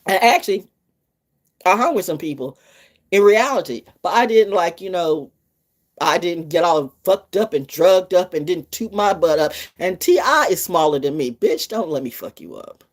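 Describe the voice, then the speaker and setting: A woman's voice: fairly low pitch, expressive, normal speed. A woman vlogger doing brash, profane freestyle livestream talk that rambles from topic to topic. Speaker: vlogger and storyteller.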